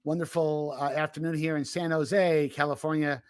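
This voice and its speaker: A man hosting a tech podcast in casual chat, talking in an animated way with lots of fillers and restarts. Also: on the high side, moderate pace, smooth, no echo. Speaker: podcast host and tech analyst. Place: remote recording.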